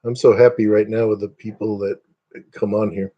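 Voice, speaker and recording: A man's voice: fairly low pitch, level tone, normal speed, muffled recording. A man hosting a casual livestream, chatting with viewers in a rambling, self-deprecating, joking way. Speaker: livestream host. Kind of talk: casual chat with live viewers.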